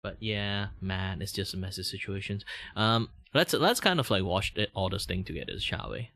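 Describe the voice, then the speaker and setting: A man with a Malaysian English accent talks in a slightly low voice, rambling through a casual livestream chat while he draws. He leans on filler words and drops casual swearing. The sound is dry and close. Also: lively intonation, moderate pace, pushed and bright, no echo.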